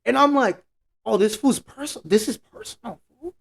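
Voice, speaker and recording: A man's voice: very high-pitched, expressive, normal speed, vocal fry, a bit bright, slightly rough. A man co-hosting a podcast, telling a story in casual, profane slang and acting out what everyone said. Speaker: podcast co-host.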